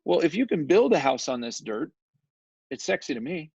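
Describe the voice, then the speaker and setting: A man guesting on an interview, telling a story in an animated, chatty way and often checking in with "right?" His voice is gravelly and mid-pitched. The recording is dry and dull, with a lo-fi sound. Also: normal speed, dry recording. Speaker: guest, real estate developer.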